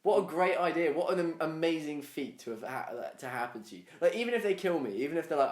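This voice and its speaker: A man's voice: on the high side, fast, few pauses. A young man co-hosting a podcast, rambling in casual banter with frequent laughs. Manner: rambling, animated, laughs often. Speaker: podcast co-host. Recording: roomy podcast recording.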